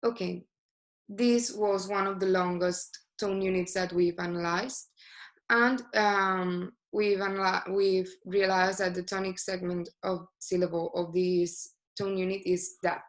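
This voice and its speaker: A woman's voice: lowish voice, fairly even intonation, unhurried. A woman giving a class presentation as a student, speaking hesitantly with many filler sounds.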